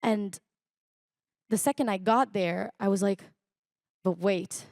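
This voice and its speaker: A young woman, a guest recounting her personal story in an interview, reflective and halting, with many fillers. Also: medium pitch, vocal fry, darkish tone, dry recording, studio quality. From Israel. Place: conference stage.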